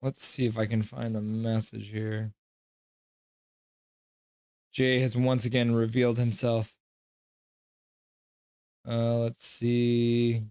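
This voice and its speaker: A livestream host chats casually and ramblingly, reading chat messages aloud and calling the game play by play. His medium-pitched voice is smooth and darkish, completely flat, slow, and full of pauses, captured in clean studio sound with no room noise.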